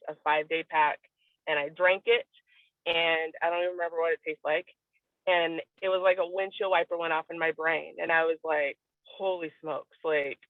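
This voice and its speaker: Speaking at a fairly low pitch, a female guest shares a candid, earnest and emotional testimonial over a video call, sometimes tearing up. The recording has no room sound, coming through as tinny, dry phone-line audio.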